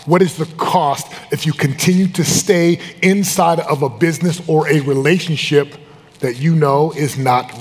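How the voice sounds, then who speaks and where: A man giving a live motivational talk as a business coach, intense and emphatic, swinging between loud pushes and hushed, low confessions. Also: slightly rough. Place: event room with a live audience. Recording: long reverb of a large hall.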